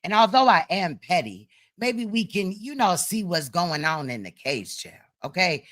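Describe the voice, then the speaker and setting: A man's voice: high voice, sing-song, normal speed, a bit bright. A man hosting a livestream, reacting with sassy, gossipy commentary. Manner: sassy, gossipy remarks with laughs. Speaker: livestream host.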